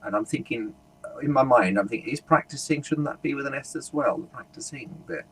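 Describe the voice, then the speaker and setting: A man's voice: mid-range voice, brisk, husky. A man being interviewed as a guest speaker, telling stories animatedly and acting out little quoted asides. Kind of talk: conversational interview.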